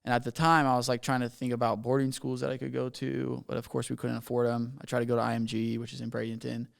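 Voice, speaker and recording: A man's voice: medium pitch, little pitch movement, fast, gravelly. A young man from Bermuda telling his story as a podcast guest, talking casually and rambling with lots of "like". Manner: rambling, filler-heavy with frequent "like".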